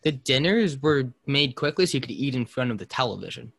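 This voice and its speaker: A man's voice: mid-range voice, expressive, brisk, vocal fry, fairly bright tone, slightly rough. A man hosting a casual podcast chat, rambling between topics with frequent fillers and restarts. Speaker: podcast host.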